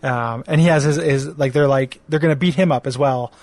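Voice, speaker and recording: A man's voice: medium pitch, brisk, a little mellow, no room sound. A man chatting casually about a cartoon show, rambling with many fillers and laughing as he acts out lines.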